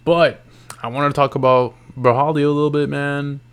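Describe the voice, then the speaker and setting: A man's voice: fairly high pitch, little pitch movement, normal speed, clean tone. A tired man recapping MMA fights late at night in loose, slangy casual talk, yawning and restarting his sentences. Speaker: MMA YouTuber.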